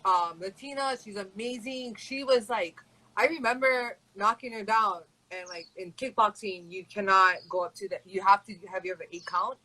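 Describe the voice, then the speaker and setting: Over a low-quality recording, a young woman from Hawaii, an MMA fighter appearing as a guest, chats through an interview in a rambling, casual way packed with "like" and "you know." Her mid-range voice is bright and forceful, at a moderate pace.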